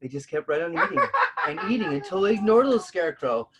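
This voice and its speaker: A man co-hosting and reading a children's picture book aloud in a calm, measured way. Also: a little high, heavy background noise. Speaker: storybook reader and co-host.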